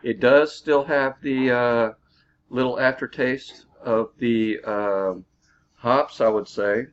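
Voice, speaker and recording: A man giving a casual beer review, halting and full of fillers, recorded on a dull lo-fi mic. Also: mid-range voice, fairly even intonation. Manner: halting, filler-heavy, easygoing.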